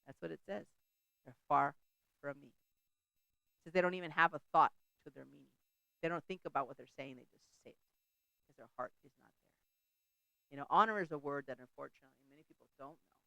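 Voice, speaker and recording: Gravelly-voiced woman preaching casually. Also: low-pitched, fairly quick, pauses often, bright, forceful tone, dry recording, poor audio. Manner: chatty, laughs often, breaks off and restarts mid-thought. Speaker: host of a faith talk show.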